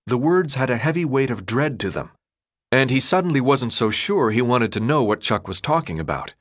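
A male audiobook narrator reading a novel. His delivery is expressive, with pitch moving lively through each sentence. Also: dry recording, clean studio sound. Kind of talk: scripted narration.

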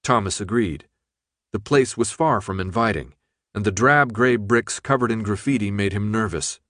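A man reading a novel aloud as narrator, in a steady, measured manner. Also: on the low side, no echo, studio quality. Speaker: audiobook narrator. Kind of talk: scripted narration.

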